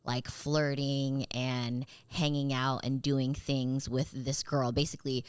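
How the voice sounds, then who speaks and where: Low-voiced chatty woman podcast host. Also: level tone, slow pace, clear, resonant tone, no echo. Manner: chatty, laughs often, many fillers. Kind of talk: casual chat.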